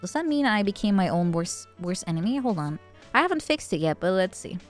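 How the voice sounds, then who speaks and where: A woman's voice: mid-range voice, very animated, faint music behind. Chatty, laughing woman streamer. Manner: rambling, joking, quick to laugh. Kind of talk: casual chat.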